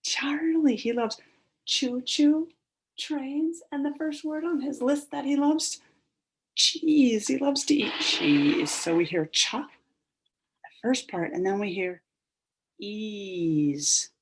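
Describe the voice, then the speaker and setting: A woman teaching a phonics lesson to young children, stretching out sounds in an animated sing-song way. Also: high-pitched, slow pace, breathy edge.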